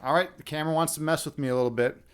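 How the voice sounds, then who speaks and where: A man's voice: a little high, steady tone, racing, smooth. A man hosting a casual livestream, rambling and chatting with viewers and swearing now and then. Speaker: livestream host.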